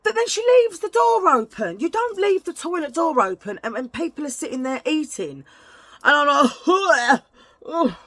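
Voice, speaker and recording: A woman's voice: sits high, sing-song, normal speed, a bit bright, no room sound. Chatty indignant woman. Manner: chatty, indignant, tag questions. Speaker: vlogger. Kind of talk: casual storytime chat.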